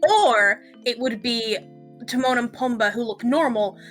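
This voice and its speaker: A woman's voice: a little high, a little slow, a bit bright, faint music behind. A woman chatting casually on a game stream, teasing her co-host and swearing freely. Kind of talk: casual chat while playing a game.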